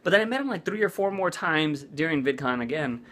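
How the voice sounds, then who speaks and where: A man's voice: a little high, lively intonation, brisk, a bit bright. A man vlogging in a casual chat, rambling with lots of "like" and "uh". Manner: rambling, full of "like" and "uh".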